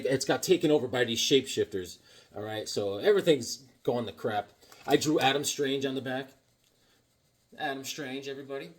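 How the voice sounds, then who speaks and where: A man chatting casually about comics, rambling and joking, drifting between topics. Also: mid-range voice. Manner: rambling, jokey, drifts between topics and puts on silly voices. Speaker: comic vlogger.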